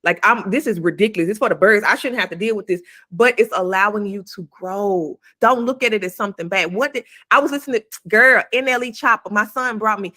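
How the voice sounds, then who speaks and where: A woman's voice: medium pitch, a little fast, hardly any pauses, bright, forceful tone. A woman co-hosting a podcast, giving blunt, emphatic advice in casual talk and swearing freely. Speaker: podcast co-host.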